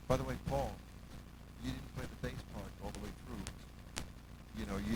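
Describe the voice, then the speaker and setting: A man's voice: normal speed, long pauses, noisy background. A man, a musical director, telling stories in a casual interview, acting out quotes and humming and counting out music. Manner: animated, acts out quotes, hums bass lines and counts beats.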